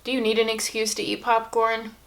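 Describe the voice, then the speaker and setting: A woman's voice: on the high side, monotone, a little fast. A woman in her twenties chatting casually at home while she gets ready, rambling with lots of fillers into a camera-mounted mic. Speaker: beauty vlogger. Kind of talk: casual get-ready-with-me chat. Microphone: camera-mounted shotgun mic.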